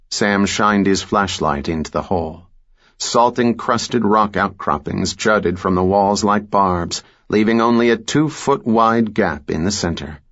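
Male audiobook narrator, low and slow, lo-fi sound. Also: a bit bright. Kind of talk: scripted thriller narration.

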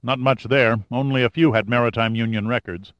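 A man's voice: mid-range voice, fairly even intonation, brisk, dry recording, lo-fi sound, close to an everyday voice. A man reading an audiobook, voicing an easygoing male private investigator with a matter-of-fact manner.

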